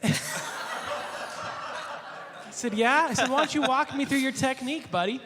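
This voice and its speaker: A male pastor telling a casual anecdote, animated, laughing often and acting out the quotes. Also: extremely high pitch, normal speed, long reverb tail, crowd noise.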